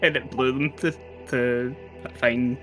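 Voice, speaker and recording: Unhurried man running a tabletop game. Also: medium pitch, faint music behind. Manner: relaxed, hesitant with many fillers. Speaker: game master. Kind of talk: recapping a tabletop game session.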